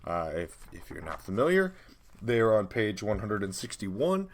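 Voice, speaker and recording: Chill guy rambling about game prep, kinda low voice. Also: sing-song, normal speed. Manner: rambling, laid-back, lots of fillers. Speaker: podcast co-host. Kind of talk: casual chat about tabletop game prep.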